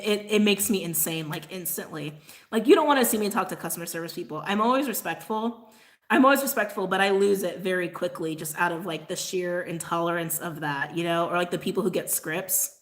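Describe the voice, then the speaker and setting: A woman's voice: lowish voice, fast. A woman hosting a casual livestream, talking loosely and at length. She rants with a constant "like", breaks into laughs and keeps apologizing to her viewers. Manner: rambling, ranting, heavy use of "like", laughs often; apologetic asides. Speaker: tarot channel host.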